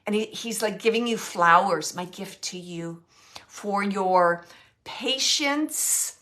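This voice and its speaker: A woman working as a medium, giving a spontaneous spirit reading in a soft, tender, halting way as she searches for words. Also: mid-range voice. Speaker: psychic medium.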